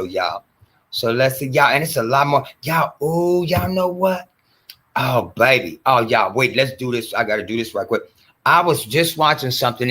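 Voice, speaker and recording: A man with a bright, forceful voice hosts a casual commentary stream. He talks chattily to his viewers and throws in excited exclamations, with a lilt. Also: mid-range voice. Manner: chatty, keeps addressing "y'all", animated exclamations. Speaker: commentary show host. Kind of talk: casual commentary, reacting to clips.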